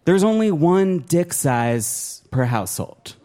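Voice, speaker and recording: A man's voice, pitched well above most men's and swinging all over the place as he works a stand-up set. He talks in an animated, profane, self-mocking way into a handheld mic on a club stage. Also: takes it slowly, background noise. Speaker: stand-up comedian. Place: comedy club stage before a laughing audience.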